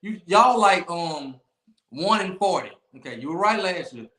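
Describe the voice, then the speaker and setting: A man hosting a sports talk stream, his fairly high voice swinging widely as he hammers his points. He repeats phrases and talks noise with big emphasis. The sound carries a roomy echo. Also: animated, unhurried, a bit bright. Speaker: podcast host. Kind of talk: animated sports talk livestream.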